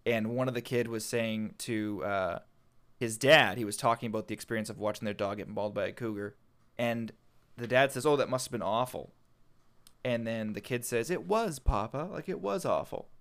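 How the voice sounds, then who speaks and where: A man's voice: lowish voice, moderate pace, clear, resonant tone. A young man in casual chat, telling funny stories with lots of laughter and acted-out quotes. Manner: animated, laughing, acts out quotes.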